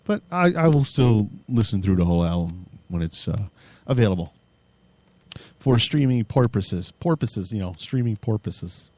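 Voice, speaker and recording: A man's voice: lowish voice, lively intonation, moderate pace, darkish tone, slight background noise. A tired man co-hosting a casual podcast, goofy and swearing freely, slipping into mock DJ voices. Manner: goofy, jumps into mock radio-DJ and metalhead voices; swears freely, laughs a lot. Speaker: podcast co-host. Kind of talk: casual banter.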